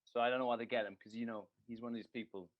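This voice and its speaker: A man's voice: medium pitch, steady tone, very fast, highs cut off. A man co-hosting a podcast in casual chat, rambling and joking with plenty of swearing. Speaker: podcast co-host.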